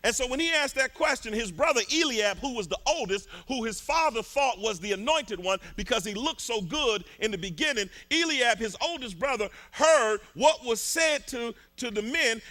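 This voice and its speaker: A man preaching a fervent sermon in a colloquial, repetitive style, rising to shouts at its peaks. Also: extremely high pitch, lively intonation, normal speed.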